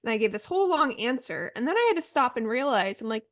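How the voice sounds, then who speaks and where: A woman's voice: a little high, very animated, no echo, studio quality. A young adult woman from Oregon, co-hosting a podcast in casual chat with a chatty, upbeat manner. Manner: chatty, upbeat, quick asides. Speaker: podcast co-host.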